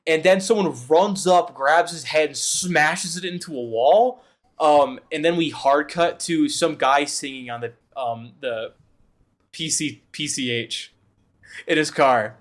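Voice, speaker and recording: A man with a slightly higher voice, talking casually on a podcast. He rambles and swears as he retells a film with lively energy. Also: a little slow. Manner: rambling, profane, animated retelling. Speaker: podcast cohost. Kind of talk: casual chat.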